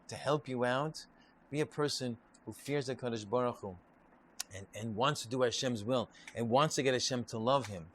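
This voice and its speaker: A man, a rabbi, giving an informal Torah class, telling stories and repeating and restarting his phrases. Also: medium pitch. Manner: repetitive, restarts often, lively storytelling.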